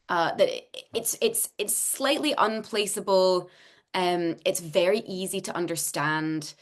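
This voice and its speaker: A woman's voice: lowish voice, fairly bright tone. A woman with a neutral Scottish accent, a voice actor chatting in an interview over a video call, laughing often and restarting her sentences. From Scotland. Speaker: voice actor guest. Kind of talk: casual interview chat.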